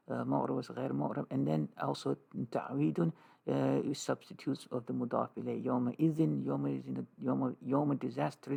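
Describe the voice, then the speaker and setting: A man teaching an Arabic grammar lesson, slow and repetitive, drilling terms with many "okay"s. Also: medium pitch, gravelly, dark tone, slightly rough. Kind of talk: classroom lesson with writing.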